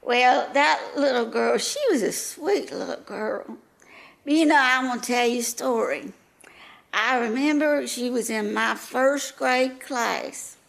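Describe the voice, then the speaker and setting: A woman acts out an elderly schoolteacher, long retired, who rambles through folksy stories in a high, gravelly voice. She takes her time with every word, drawling along at an unhurried pace. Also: heavily acted. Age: older. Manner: rambling, folksy, gossipy storytelling. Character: elderly female retired first-grade teacher, frazzled and rambling.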